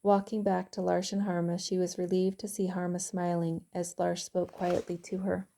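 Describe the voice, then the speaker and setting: A woman author reading her own novel aloud in calm, even audiobook narration. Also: on the low side, normal speed, vocal fry.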